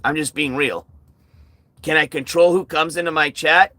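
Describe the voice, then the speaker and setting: A man's voice: fairly high pitch, steady tone, normal speed, sharp tone, no echo. A tired man hosting a casual outdoor livestream at night, talking bluntly and sarcastically to his chat. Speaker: livestream host.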